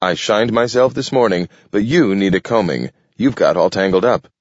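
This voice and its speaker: A man's voice: on the low side, animated, normal speed, no echo, highs cut off. A man voicing a stiff, proud, matter-of-fact robot in a storybook.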